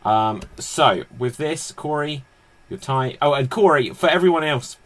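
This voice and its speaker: Upbeat male host of an online improv show, slightly high voice. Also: lively intonation, a little slow, fairly bright tone. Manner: upbeat, laughing, explaining game rules.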